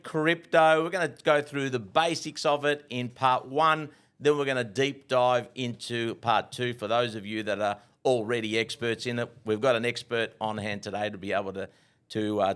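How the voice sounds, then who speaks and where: An Australian man hosting a podcast with bouncy, upbeat energy. He keeps the chat casual and friendly, with an easy conversational lilt. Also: medium pitch. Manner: upbeat, animated questioning. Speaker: podcast host.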